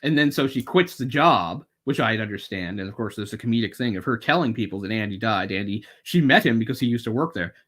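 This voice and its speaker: A man's voice: lowish voice, expressive, fast talker, few pauses, fairly bright tone. A man co-hosting a podcast, chatting casually and wryly about a film, rambling and swearing now and then. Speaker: podcast co-host.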